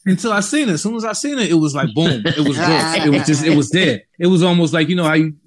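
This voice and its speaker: A man's voice: a little high, quick pace, a loud crowd. A young man telling a long story in casual talk, acting out the people in it. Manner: animated, acts out the people in his story. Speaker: podcast host telling a story.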